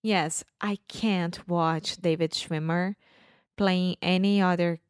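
Woman, slow, lowish voice. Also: steady tone, clear, resonant tone, no echo, studio quality. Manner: repeats words, simple phrasing. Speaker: podcast co-host. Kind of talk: casual chat.

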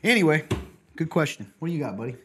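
A man's voice: a little high, sing-song, fast, a bit bright, slight background noise. A man in casual podcast chat, a pastor and host who tells stories in a rambling way, with many restarts.

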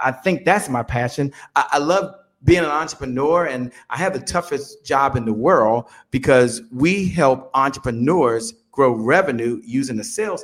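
A man in his fifties, a business guest on an interview show, telling stories in an animated motivational way and often repeating words as he builds up. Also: a little high. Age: 50s. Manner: animated storyteller, repeats words when excited.

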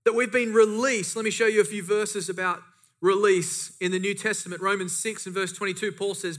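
Here a man with a high-sitting, fairly bright voice preaches, talking a little fast with fairly even intonation. As a pastor, he reads scripture, drives his points home through emphatic repetition, and adds casual asides.

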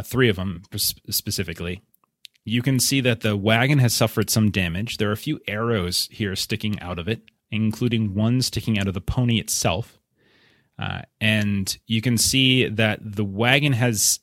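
A man narrating a tabletop game as game master, relaxed and halting, with frequent fillers. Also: lowish voice, dry recording, clean studio sound.

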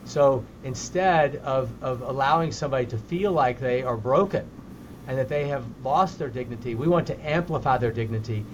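A man's voice: mid-range voice, moderate pace, lo-fi sound, slight background noise. A middle-aged man, a physician guest, answering interview questions sincerely and often repeating words as he starts a sentence.

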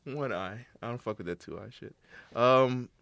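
A man's voice: medium pitch, normal speed, vocal fry, fairly bright tone, no echo. A young man co-hosting a casual podcast, laid-back and profane, laughing often. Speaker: podcast co-host.

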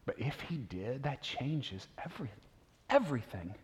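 A man's voice: medium pitch, very animated, moderate pace. A man in his thirties or forties preaching a sermon as a pastor, telling stories conversationally and asking the congregation rhetorical questions. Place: church sanctuary. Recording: long reverb of a large church hall.

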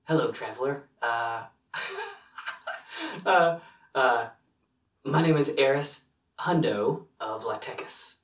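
A young man putting on a halting greeting voice for an adult male sci-fi adventurer in a tabletop role-play game. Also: mid-range voice, sing-song. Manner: stiff, halting greeting that turns eager and loud. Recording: roomy sound from a distant mic.

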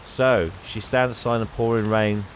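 An English man co-hosting a casual podcast, retelling a story and putting on quick voices for the characters' lines. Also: fairly low pitch, fairly even intonation, slight background noise. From England. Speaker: podcast co-host. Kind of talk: casual chat retelling a film plot.

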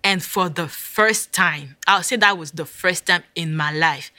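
A woman's voice: on the low side, measured pace, pushed and bright, no room sound. A woman telling her personal faith testimony in an intense, emotional way. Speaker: speaker sharing a testimony.

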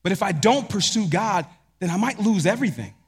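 Brief: male pastor, high voice, emphatic sermon delivery, rhetorical questions, long hall reverb. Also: expressive, brisk, slightly rough.

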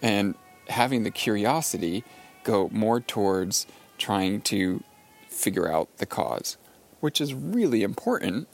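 A man hosting a podcast, talking through ideas with a client example and an everyday analogy in a slow, thoughtful monologue. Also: fairly low pitch. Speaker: podcast host and coach.

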